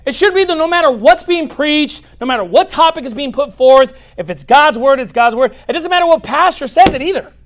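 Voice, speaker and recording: A man preaching a sermon as pastor, swinging from loud declarations to quiet asides and laughing at his own points. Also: extremely high pitch, expressive, brisk, few pauses.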